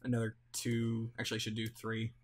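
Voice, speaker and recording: A man running a tabletop role-playing game as game master, narrating haltingly with many fillers and restarts and voicing a king. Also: mid-range voice, monotone.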